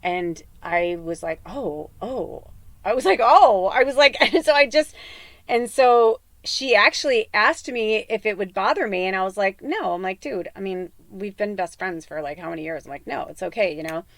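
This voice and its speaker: A woman's voice: lively intonation, moderate pace, fairly bright tone, dry recording. Chatty woman telling a rambling story. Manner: rambling storytelling with many fillers; acts out quoted dialogue with sudden jumps in pitch. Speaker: tarot reader. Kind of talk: casual spiritual podcast chat.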